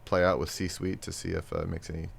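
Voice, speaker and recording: A man's voice: low-pitched, level tone, fast, creaky, a little hiss or hum. A man who is a guest and video producer, in casual chat, joking and teasing in a laid-back way.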